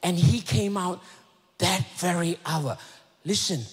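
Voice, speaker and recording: A man preaching a sermon to a church with impassioned energy, swinging between shouted peaks and sudden hushed asides. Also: sits high, measured pace, breathy edge. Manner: impassioned, shouting builds and sudden drops to a hush. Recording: echoey hall reverb.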